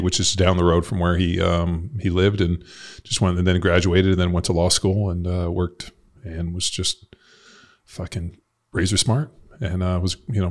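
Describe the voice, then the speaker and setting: A man with a very low voice hosts a podcast from Southern California. He talks loosely and casually and drifts through long stories. He swears freely along the way. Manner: laid-back, profane, rambling storyteller. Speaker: podcast host. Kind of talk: casual conversation.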